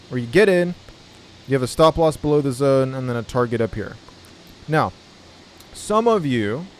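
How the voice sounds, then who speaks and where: A man's voice: mid-range voice, a little mellow. A man giving a casual trading tutorial in a blunt, laid-back manner, swearing freely. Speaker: trading educator.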